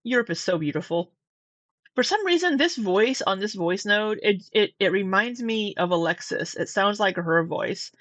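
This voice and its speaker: A woman's voice: mid-range voice, expressive, normal speed, fairly bright tone, no room sound. A woman hosting casual commentary, chatty and gushing with rambling asides. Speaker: commentary host.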